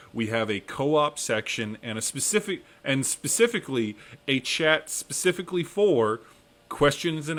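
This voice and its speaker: A man's voice: mid-range voice, a bit bright. A man hosting a podcast, wrapping up in a casual, rambling chat and restarting phrases as he goes. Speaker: podcast host.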